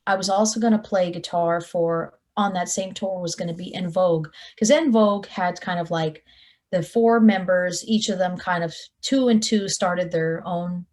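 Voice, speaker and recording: A woman's voice: fairly low pitch, normal speed, hardly any pauses. A young adult woman, a touring guitarist, chatting in an interview and acting out the people in her stories. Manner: animated storyteller, acts out quotes. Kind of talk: casual interview chat.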